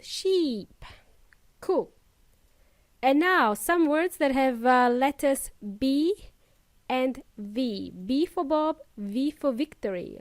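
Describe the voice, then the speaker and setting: A woman teaching English pronunciation on a podcast, patiently repeating each word slowly for learners. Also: sits high, no room sound. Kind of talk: slow podcast pronunciation lesson.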